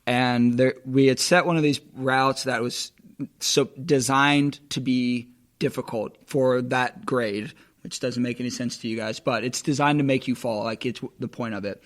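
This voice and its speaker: A man's voice: medium pitch, fairly even intonation, normal speed, a bit bright. Rambling man telling stories. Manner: rambling storyteller, many likes. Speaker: guest musician. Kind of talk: casual chat.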